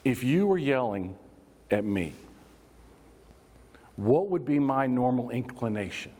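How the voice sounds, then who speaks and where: A man teaching a room full of staff, loose and conversational, tossing questions to the crowd and acting out little scenes. His voice sits at an ordinary middle pitch. The sound rings out with a long hall reverb. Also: expressive, slow, mellow. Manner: conversational, engages audience with prompts and acted examples. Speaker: workplace safety trainer. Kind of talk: live training workshop talk.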